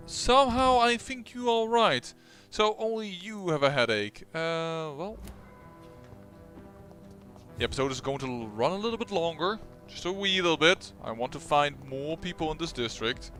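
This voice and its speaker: A man's voice: on the high side, lively intonation, normal speed, a bit bright. A man hosting a let's play, chatting through his gameplay with wry, self-mocking remarks. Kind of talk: gameplay commentary. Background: faint game music.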